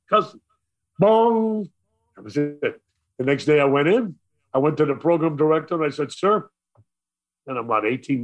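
An older man, a radio DJ telling stories in an interview and acting out the voices of the people in them. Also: medium pitch. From Brooklyn, New York. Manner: lively storyteller acting out quoted voices. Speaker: radio DJ guest. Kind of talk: storytelling interview.

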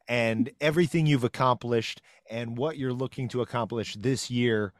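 Male co-host, mid-pitched, playful interviewer, dry close mic. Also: fairly even intonation, normal speed, hardly any pauses, dry recording. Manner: playful, long wind-up questions. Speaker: podcast co-host. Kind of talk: casual interview chat.

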